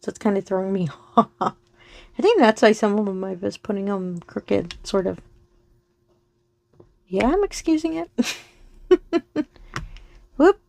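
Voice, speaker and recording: Soft-spoken giggly woman crafting vlogger. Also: medium pitch, animated, vocal fry. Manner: soft and slow when focusing; giggles often between remarks. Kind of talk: casual chat while diamond painting.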